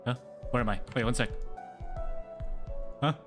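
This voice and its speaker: A man's voice: mid-range voice, measured pace. A young man streaming a game, drawling dry self-amused remarks. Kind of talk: casual gaming stream chat. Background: game music.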